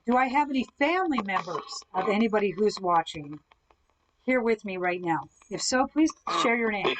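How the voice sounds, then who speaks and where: A woman with a mid-range voice and lively intonation speaks at a moderate pace in a rough recording. She's running a live-stream ghost hunt, putting questions to spirits through a spirit box and answering viewer comments, using a device-heavy setup built around that spirit box.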